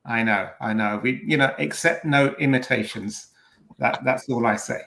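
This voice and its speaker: A man co-hosting a casual podcast, retelling a story with lively energy and plenty of false starts. His voice sits at an ordinary pitch. The room around him rings with a clear echo. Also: normal speed, a little hiss or hum. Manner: animated, rambling storytelling with frequent restarts. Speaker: podcast co-host. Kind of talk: casual security podcast chat.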